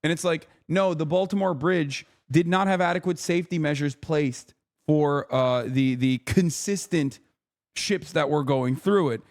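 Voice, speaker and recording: A man's voice: fairly high pitch, a little slow. A man hosting a livestream, ranting profanely at his chat while commenting on the news. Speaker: streamer host.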